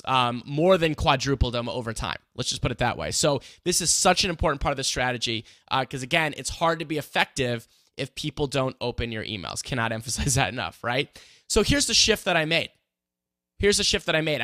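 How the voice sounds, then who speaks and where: A man's voice: a little high, bright, forceful tone, no echo. A man hosting a casual mini lesson, talking energetically and conversationally with many fillers and rhetorical questions. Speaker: host teaching online marketing.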